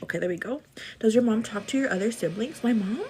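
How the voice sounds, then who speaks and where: A woman's voice: a little high, expressive, fast, a little mellow. A woman in her thirties, chatty and casual, doing makeup on a livestream while answering viewer comments and calling them "girl". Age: 30s. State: pregnant with twins. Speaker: livestream host.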